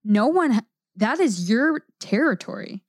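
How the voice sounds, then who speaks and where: A woman's voice: a little high, animated, a little slow, no room sound. A young woman co-hosting a family podcast, bantering with mock outrage and frequent laughter. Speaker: podcast co-host.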